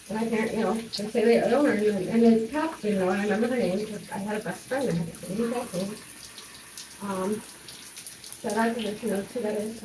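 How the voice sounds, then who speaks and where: A woman's voice: mid-range voice, a little fast, recorded from a distance, noisy background. Woman telling her story, rambling, echoey room. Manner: rambling, restarts and many fillers. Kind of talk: personal storytelling monologue. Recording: echoey room, voice off-mic, faint running water.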